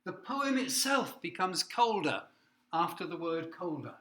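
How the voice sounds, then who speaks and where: A man with a bright, slightly raised voice gives a literature lecture. He explains patiently, keeps checking that his listeners follow, and reads verse aloud slowly. The sound rings in a roomy classroom. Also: high-pitched, big pitch swings. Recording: echoey room.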